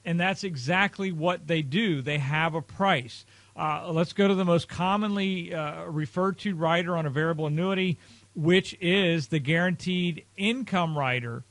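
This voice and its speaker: A man with a somewhat high voice explains a financial topic to his viewers, leaning hard on key points. His talk is earnest and loose, sprinkled with uh and you know. The sound is dry and close, with no room echo. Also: moderate pace, fairly bright tone. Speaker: financial advisor presenting a video series.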